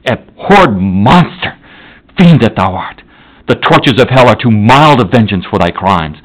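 A man voicing an enraged, horrified young male scientist in a dramatic audiobook reading, declaiming loudly with a raised voice. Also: lowish voice, animated, measured pace, pitched above the performer's own voice, low-quality recording. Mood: furious.

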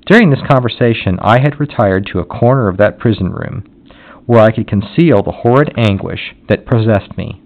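Solemn low-voiced male narrator. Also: lively intonation, normal speed. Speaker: audiobook narrator. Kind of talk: scripted narration of a classic novel. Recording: dull lo-fi audio.

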